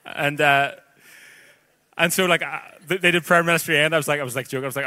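A Northern Irish man in his thirties preaching a sermon, his voice bright and forward. He reads scripture and then slips into loose, chatty storytelling padded with casual asides. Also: fairly high pitch, fairly even intonation, fast. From Northern Ireland.

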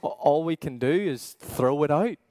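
A man preaching a sermon as pastor, earnest and questioning, with emphatic pauses. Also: a little high, dark tone, dry recording.

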